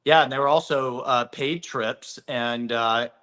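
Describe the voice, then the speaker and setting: A man's voice: mid-range voice, steady tone, unhurried, bright, forceful tone. A congressman being interviewed remotely, making blunt, emphatic points. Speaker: congressman guest.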